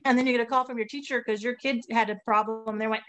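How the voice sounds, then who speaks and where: Laughing woman guest, high voice. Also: fast. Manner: lively storyteller, laughs a lot, acts out quotes. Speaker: guest, former teacher. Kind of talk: casual conversation.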